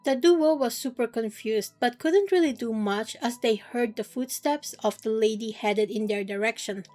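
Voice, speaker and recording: A woman's voice: a little high, moderate pace, darkish tone, soft background music. A woman casually recapping a novel's chapters in a playful, slangy, joking way. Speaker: book recap youtuber. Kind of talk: casual chatty story recap.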